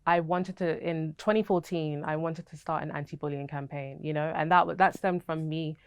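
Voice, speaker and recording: Low-voiced British woman, smooth and candid. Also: fairly even intonation, normal speed, dry recording, clean studio sound. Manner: candid, chatty, laughs easily. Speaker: actress interviewee. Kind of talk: casual interview answers.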